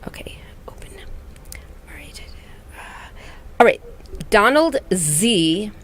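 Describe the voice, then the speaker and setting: A woman's voice: medium pitch, sing-song, slow pace, fairly bright tone. A woman hosting an interview show, bubbly and enthusiastic. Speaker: host. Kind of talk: casual interview chat.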